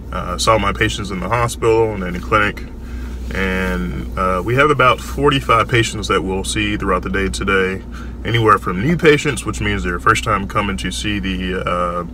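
A man's voice: sits low, bright, forceful tone, a little hiss or hum. A man in his thirties, a resident surgeon, narrating his day in a casual vlog and explaining medical terms plainly as he goes.

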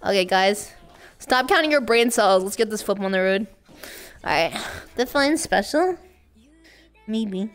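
A woman streamer with a high, squeaky voice, chatting casually and excitably with her chat, often shrieking and laughing. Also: measured pace, pauses often.

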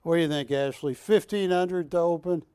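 Man, shopping channel host, live sales pitch, joking, high voice, dry sound. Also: moderate pace, smooth, no echo. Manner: joking, animated, teasing co-hosts.

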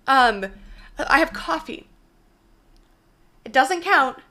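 Bubbly high-voiced young woman streamer, slightly hoarse. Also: lively intonation, slow, pushed and bright. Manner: bubbly, effusive thanks to chat. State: slightly hoarse, voice partly gone. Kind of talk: casual live-stream chat. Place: small bedroom alcove.

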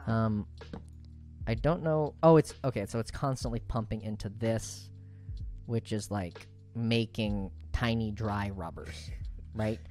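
A man's voice: on the low side, measured pace, a little mellow, faint music behind. A man chatting casually while playing a game, rambling and swearing through unsure explanations. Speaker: streamer. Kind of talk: casual chat while gaming.

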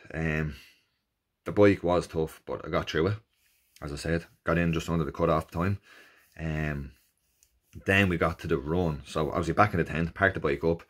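A man with an Irish accent casually recounting his first endurance race, animated and jokey, acting out the people he met. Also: low-pitched. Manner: animated, jokey, acts out quoted exchanges in raised voices. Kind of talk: casual storytelling.

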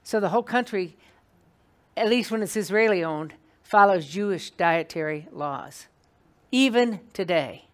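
A woman teaching an evening Bible class to a small group in a meeting room, talking in a lively, conversational way and putting questions to the class. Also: mid-range voice, measured pace.

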